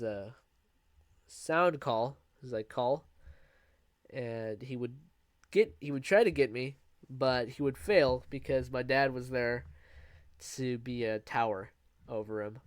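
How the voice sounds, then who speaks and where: A man's voice: mid-range voice, smooth, dry recording. Keep it loose and rambling, a young man telling his own story in a dry, close room. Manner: rambling, with fillers and restarts, laughing at himself. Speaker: vlogger. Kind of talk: casual storytelling.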